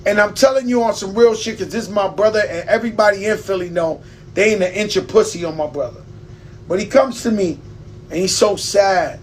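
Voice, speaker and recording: A man's voice: sits high, fairly quick, slight background noise. A man hosting a live stream, telling loose stories with swearing, laughs and a New York accent. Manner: loose storytelling with profanity and laughs. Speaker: host. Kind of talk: casual live-stream talk.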